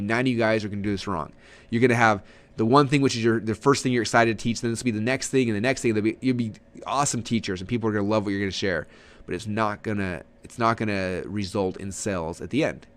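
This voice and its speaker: Fast-talking energetic man teaching marketing. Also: fairly low pitch. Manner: energetic, rapid-fire salesy delivery with frequent restarts. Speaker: marketing coach. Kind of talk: webinar teaching.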